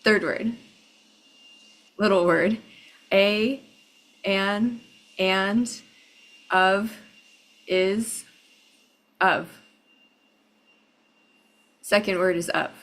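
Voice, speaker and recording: A woman's voice: mid-range voice, very slow, long pauses, fairly bright tone, poor audio. A woman playing a guessing game, calling out single-word guesses one by one. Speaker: game player.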